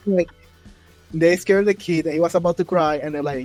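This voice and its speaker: A man hosting a podcast, telling a story in a lively way and acting out the quotes. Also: fairly high pitch, normal speed, soft background music. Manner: animated storyteller, acts out quotes in raised voices. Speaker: podcast host. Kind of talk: casual interview chat.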